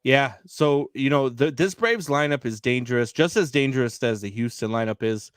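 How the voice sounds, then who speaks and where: Animated man telling a story, dry mic. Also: medium pitch, moderate pace, clear, resonant tone, no room sound. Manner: animated storyteller, many fillers. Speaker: podcast co-host. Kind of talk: casual live sports chat.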